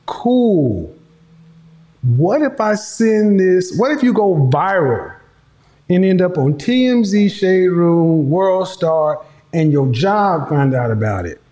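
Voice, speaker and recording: Teasing man with a high, lively voice. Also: reverberant. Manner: laughing, teasing, mocking. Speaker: host. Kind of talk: casual commentary.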